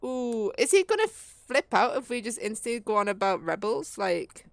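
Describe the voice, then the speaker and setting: A woman's voice: fairly high pitch, very animated, moderate pace, gravelly, no room sound. A woman casually commenting on a game she plays through, chatty and giggly in her asides. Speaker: let's-play host. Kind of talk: casual game playthrough commentary, reading all parts.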